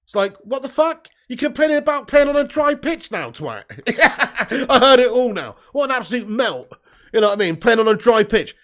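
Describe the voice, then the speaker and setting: A man's voice: very high-pitched, animated, normal speed, a bit bright. A man hosting a live football watch-along, reading viewer chat aloud and commentating with lots of swearing and laughter. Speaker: host.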